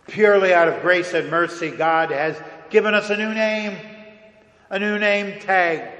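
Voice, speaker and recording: A man preaching a sermon as a pastor, earnest and deliberate, with dramatic pauses, recorded in a church sanctuary. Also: fairly high pitch, a bit bright. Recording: echoey hall with long reverb.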